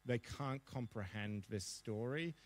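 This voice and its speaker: A man in his thirties from Perth with an Australian accent, telling lively, self-deprecating anecdotes as a guest speaker in a seminar interview. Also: mid-range voice, unhurried. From Perth, Western Australia. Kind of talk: storytelling interview on a seminar stage. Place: seminar hall before an audience.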